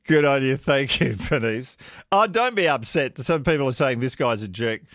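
A man's voice: medium pitch, expressive, a little slow, a bit bright, no echo, studio quality. A man hosting talkback radio, chatting with callers and laughing often. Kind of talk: warm casual on-air chat with callers. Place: radio studio.

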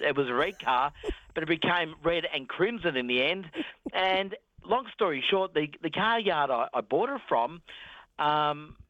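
An Australian man on radio, giving a traffic report and chatting easily with the host, quick to laugh. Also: on the high side, sharp tone, no echo, dull audio.

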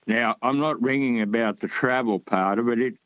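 A man's voice: medium pitch, moderate pace, no echo, dull audio. A man from Australia calling in to a radio show, talking in a rambling, hesitant way with many fillers. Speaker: caller. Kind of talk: radio call-in chat.

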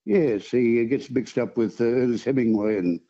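A man chatting casually as a radio co-host, relaxed and agreeable. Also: mid-range voice, moderate pace, highs cut off.

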